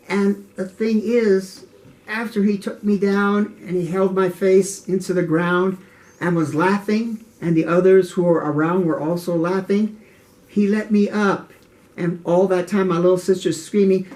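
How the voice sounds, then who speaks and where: An older man telling childhood memories in an interview, earnest and halting, often repeating words. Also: high-pitched, fairly even intonation, darkish tone. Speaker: interviewee, martial arts teacher. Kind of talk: reflective interview storytelling.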